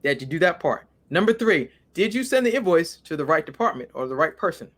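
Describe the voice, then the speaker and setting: A woman's voice: sits low, very animated, brisk. A woman guest in an interview, explaining step by step in a methodical way and counting off points by number. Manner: methodical, lists steps by number. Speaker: guest author.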